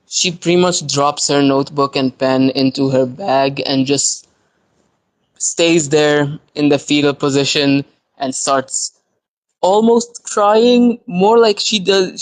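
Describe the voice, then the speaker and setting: A man's voice: on the high side, dry recording, low-quality recording. A man playing a tabletop game, describing his character in a casual, rambling way. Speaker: player.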